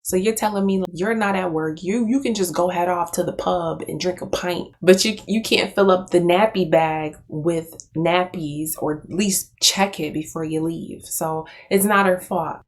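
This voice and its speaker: A woman's voice: lowish voice, a little slow, few pauses. An American woman giving casual reaction commentary at home, chatty and incredulous, laughing often. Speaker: commentary youtuber. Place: room at home with a cat nearby.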